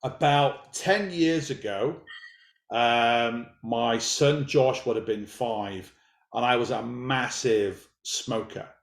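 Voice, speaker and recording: A man's voice: medium pitch, takes it slowly, gravelly, reverberant. A man in his fifties telling a personal story in an interview, talking emphatically and repeating his key phrases. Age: 50s. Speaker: business guest.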